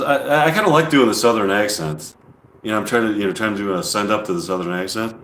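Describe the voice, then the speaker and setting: A man hosts a comedy stream in an easy, rambling chat, pausing on ums and restarting often. His pitch moves around freely. The room rings with a noticeable echo. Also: animated. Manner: quiet, halting, filler-heavy musing. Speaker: comedy livestream host. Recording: roomy echo.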